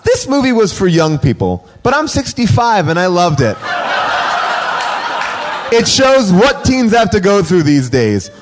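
A mock-earnest older reviewer with a put-on British accent, as a man reads him aloud. The voice sits a little high and swings up and down freely. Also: very animated, measured pace, noisy background.

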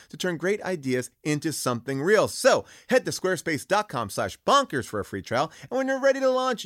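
A middle-aged man, the show's host, reading a sponsor ad with energetic emphasis and casual swearing. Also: high voice, no echo, clean studio sound. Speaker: podcast host. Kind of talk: ad read.

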